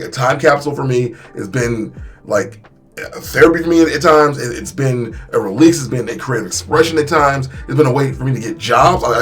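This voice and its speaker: A young man telling his story in a casual vlog, animated and emphatic, with many restarts and repeated phrases. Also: medium pitch. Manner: animated, acts out quotes with voice shifts. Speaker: YouTuber.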